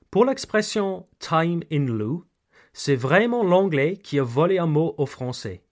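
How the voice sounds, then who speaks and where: Man, language-lesson podcast, slow careful delivery, key phrases repeated. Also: a little high, very animated, a little mellow. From United Kingdom. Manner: slow, clear, repeats key phrases, addresses "dear listeners". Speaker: English teacher, podcast host.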